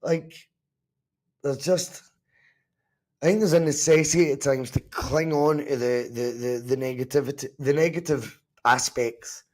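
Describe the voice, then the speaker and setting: A Scottish man with a medium-pitched voice and a measured pace hosts a live podcast watching football. He chats loosely and reacts with energy, and sometimes swearing, to the game and the chat.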